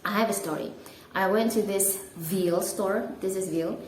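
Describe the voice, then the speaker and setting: A woman's voice: mid-range voice, moderate pace, a little mellow, echoey room, slight background noise, poor audio. A woman from Indonesia with an Indonesian accent, teaching English pronunciation in a casual way and spelling words out carefully.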